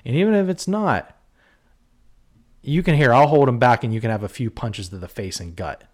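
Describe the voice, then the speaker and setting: A man with a medium-pitched, darkish voice co-hosts a casual horror movie review podcast at a normal speed. He rants heatedly, swearing and using lots of fillers.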